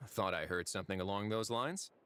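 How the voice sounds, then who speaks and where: A man's voice: deep voice, a little fast, fairly bright tone, a little hiss or hum. An actor voicing a wry, laid-back male prison warden in a video game, speaking in a dry, amused drawl. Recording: game audio over music.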